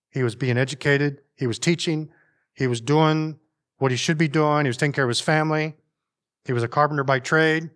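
Man, middle-aged, family pastor, sermon, folksy, conversational, asides to the congregation, medium pitch. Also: fairly bright tone.

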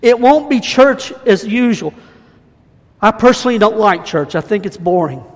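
A man's voice: high voice, animated, normal speed. A man preaching and declaring over a congregation in a fervent, repetitive style. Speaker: guest preacher. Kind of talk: sermon and prophetic declaration. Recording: hall reverb.

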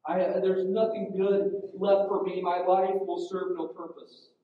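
A male preacher voicing a humble older priest who speaks very calmly, in an echoey hall. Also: high-pitched, a little slow, far from the mic, narrow, tinny audio.

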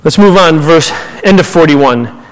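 A man preaching as a pastor, animated and conversational, paraphrasing scripture in everyday words. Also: on the high side, unhurried. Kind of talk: sermon. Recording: long hall reverb.

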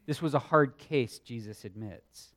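Brief: unhurried male Sunday school teacher, earnest, emphatic, swings from loud to hushed. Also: mid-range voice. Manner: earnest, emphatic, swells loud then drops quiet; thinks aloud with small restarts. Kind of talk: Bible lesson teaching.

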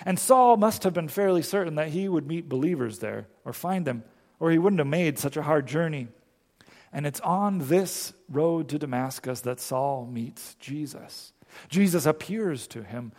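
A male pastor telling a Bible story in a sermon, slowing down and pausing for emphasis. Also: fairly high pitch, animated, darkish tone, long reverb tail. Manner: storytelling, with slow emphatic pauses.

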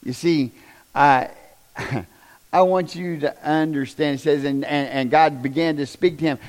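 A high-voiced male preacher delivers a fiery sermon. He swings from loud shouting down to hushed near-whispers, folksy and full of repeated questions to the congregation. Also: fairly even intonation, unhurried. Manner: folksy, repeats "do you understand".

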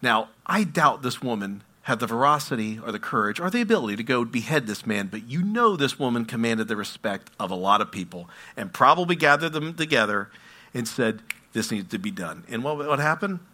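A man preaching a sermon, animated and asking his listeners questions. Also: medium pitch, fairly quick. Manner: animated, asks the audience questions. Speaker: pastor.

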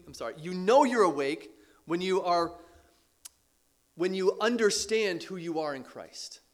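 Preaching to his listeners, this male pastor leans hard on certain phrases and says them again and again. His voice falls low as each line ends, and an occasional soft laugh slips in.

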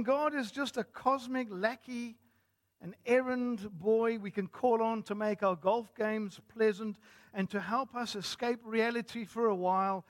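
A man preaching as a pastor in a measured, earnest sermon. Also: very high-pitched.

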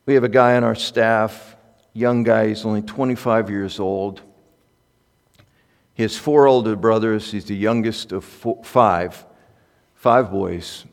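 A man preaching a sermon as pastor, swinging from soft, quiet asides to loud, impassioned peaks. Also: lowish voice, fairly even intonation, unhurried, gravelly, pauses often. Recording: echoey hall with long reverb.

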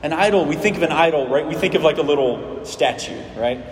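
Preaching in a relaxed, conversational way, a pastor with a slightly high male voice moves fairly quickly, restarting phrases and throwing rhetorical questions to the congregation. The audio is roomy with a long reverb tail from the church hall, plus slight background noise.

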